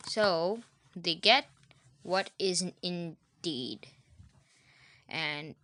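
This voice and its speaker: A woman's voice: fairly low pitch, slow pace, bright, forceful tone. A woman reading a children's storybook aloud, adding chatty asides to the listener.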